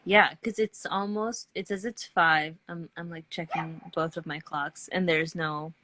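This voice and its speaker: A woman's voice: low voice, steady tone, unhurried, sharp tone, slight background noise. A woman hosting an artist talk over a video call, upbeat, chatty and encouraging. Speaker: host. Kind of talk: casual interview chat.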